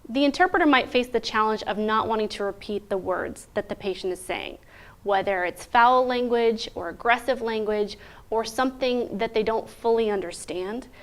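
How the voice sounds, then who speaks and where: A woman teaching interpreters in a clear, methodical way, often posing rhetorical questions. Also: a little high, moderate pace. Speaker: interpreter trainer. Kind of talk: instructional talk.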